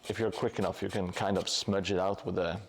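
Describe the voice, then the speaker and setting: Low gravelly guy rambling while he paints on his stream, lots of uhs and restarts. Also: steady tone, fairly quick, slight background noise. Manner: hesitant, many fillers and restarts. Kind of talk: casual live-stream talk. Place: home hobby room above a gym.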